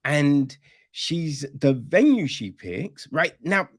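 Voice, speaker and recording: Sarcastic, swearing man ranting slowly. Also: on the high side, expressive, no echo, studio quality. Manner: sarcastic, swears freely, mocks the film; rambling with restarts and "you know what I mean". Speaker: podcast film reviewer. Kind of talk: casual ranting film review.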